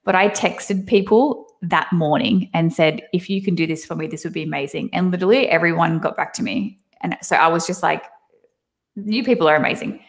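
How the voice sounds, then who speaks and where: Laughing Australian woman, lower voice. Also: brisk, few pauses. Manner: laughs often, animated storytelling. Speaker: guest. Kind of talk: casual chat. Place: her home.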